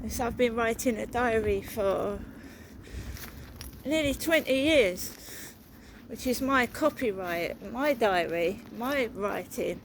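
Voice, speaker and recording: A woman's voice: a little high, expressive, slow pace, background noise. A woman narrating a walking vlog outdoors, talking in a rambling, repetitive, suspicious way. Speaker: vlogger. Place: outdoors, walking through a town.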